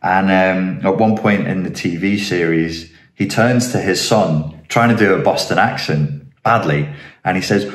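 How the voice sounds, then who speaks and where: A man's voice: low-pitched, lively intonation, unhurried. A man hosting a philosophy channel, talking through ideas in an earnest, digressive monologue that builds into emphatic rhetorical questions. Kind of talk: reflective monologue. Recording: roomy echoing room.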